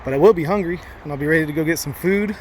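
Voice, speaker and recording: A man's voice: fairly high pitch, very fast, a little hiss or hum. A man vlogging casually to camera as he walks around a small mountain town, joking and rambling with lots of fillers. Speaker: trucking vlogger. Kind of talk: casual vlog chat to camera.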